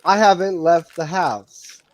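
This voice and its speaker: A man chatting casually on a football watchalong, easygoing and halting, often chuckling. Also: high voice. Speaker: watchalong guest. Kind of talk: casual live chat.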